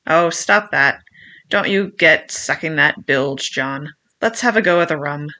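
A reader voicing a surly older male pirate coxswain who talks bluntly and roughly, in an audiobook reading. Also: mid-range voice, normal speed, pushed and bright.

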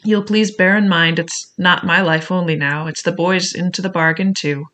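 A reader voicing a cunning one-legged male pirate cook in rough seafaring speech, in a bright tone. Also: high voice, fairly even intonation, normal speed. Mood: pleading. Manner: rough seafaring speech, pleading then bold.

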